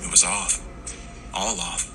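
A man reading a scripted horror story in slow, hushed tones, sometimes dropping to a whisper. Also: low voice, flat delivery, over music, rough recording. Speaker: narrator.

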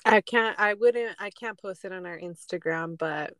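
A woman's voice: medium pitch, normal speed, fairly bright tone, no room sound. A woman co-hosting a podcast in casual chat, telling a story with laughs and whispered asides. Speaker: podcast co-host.

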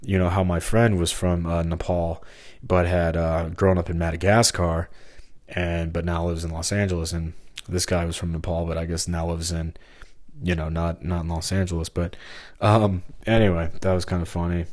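A man's voice: sits low, little pitch movement, normal speed, darkish tone, dry recording. A man hosting a solo podcast, talking in a meandering monologue that keeps jumping between topics and interrupting itself. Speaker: podcast host.

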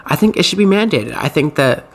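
A man's voice: fairly high pitch, expressive, brisk, creaky, crowd noise. A man hosting a podcast, telling a story in casual, profane, rambling chat. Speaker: podcast host.

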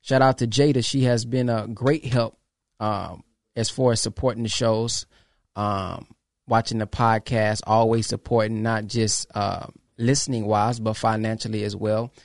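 A man's voice: on the low side, flat delivery, unhurried, gravelly, dry recording, studio quality. Emphatic man preaching to followers. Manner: preachy, emphatic, repeats phrases; acts out quoted exchanges. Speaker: podcast host. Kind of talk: casual monologue to followers.

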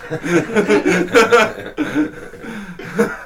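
A man's voice: sits high, expressive, extremely slow, crowd noise. A British man co-hosting a podcast, joking around with friends and laughing often. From Britain. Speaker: podcast co-host. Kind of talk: casual banter.

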